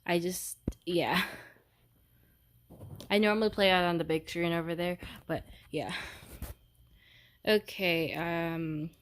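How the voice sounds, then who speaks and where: Holding her phone in an upstairs room at home, a young vlogger records a casual unboxing, giggly, giddy, and rambling with many fillers. Her fairly low voice is steady in tone and slow, with long pauses.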